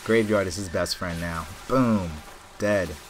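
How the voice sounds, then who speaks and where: A man hosting his own gaming channel, rambling through excited live commentary and trash-talking opponents as he plays. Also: sits low, a little slow, a little hiss or hum.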